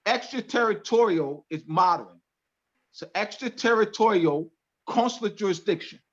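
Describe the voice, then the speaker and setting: A man's voice: high voice, lively intonation, normal speed, fairly bright tone. A man teaching a class on a video call, speaking emphatically and repeating key phrases. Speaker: class instructor. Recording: dull lo-fi call audio.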